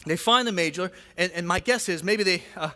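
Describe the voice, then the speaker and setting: Male pastor, high voice, chatty sermon full of asides, long hall reverb in a church. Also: fairly quick, bright, forceful tone. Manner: conversational, frequent asides and "right?" tags. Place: church sanctuary.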